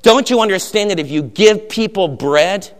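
A man's voice: on the high side, moderate pace, lightly acted. A man preaching, voicing an old domineering male cardinal who fires accusing questions at a prisoner. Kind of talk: sermon with acted story. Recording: long hall reverb.

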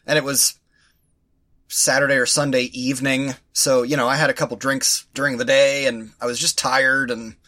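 A man co-hosting a podcast, ranting sarcastically in casual chat and mimicking the people who annoyed him. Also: mid-range voice. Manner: ranting, sarcastic, animated quoting of others. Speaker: podcast co-host.

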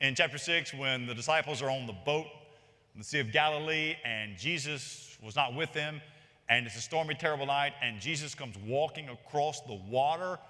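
A man's voice: mid-range voice, sharp tone. A man preaching an expository sermon, talking emphatically and rising on his key points. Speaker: pastor. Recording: long reverb of a large hall.

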